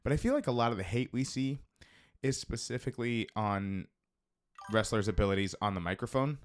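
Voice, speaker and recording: A man's voice: medium pitch, animated, brisk. A man co-hosting a live stream in casual chat, teasing his co-host and swearing freely. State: feeling hot.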